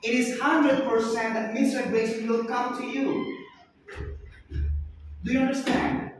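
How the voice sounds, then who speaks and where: A man teaching English to a class, loud and insistent, drilling the same points over and over and slowly calling on students to answer. He is recorded from far off in a very echoey classroom, with faint room noise behind him. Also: extremely high pitch, huge pitch swings. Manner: loud, emphatic, quizzes students and repeats points. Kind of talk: classroom lesson.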